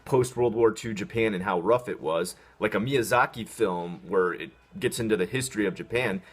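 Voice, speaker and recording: A man's voice: fairly low pitch, normal speed, slightly rough. An American man ranting sarcastically about an article in a casual vlog, with a lot of ums and restarts. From United States. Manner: sarcastic, mocking, talks in spurts with fillers. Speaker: video host reacting to an article.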